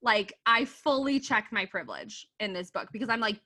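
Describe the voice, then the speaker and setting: Lively, bright-voiced young woman. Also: medium pitch, moderate pace. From Canada. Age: 20s. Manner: animated, laughing, swears freely, acts out her own quotes. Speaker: podcast guest, coach and author. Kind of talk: casual podcast interview.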